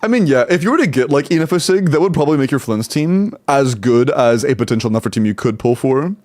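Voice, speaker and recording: A man's voice: mid-range voice, expressive, brisk, darkish tone, dry recording. A man streaming live, casually talking through game account advice and answering chat, loose and rambling with some swearing.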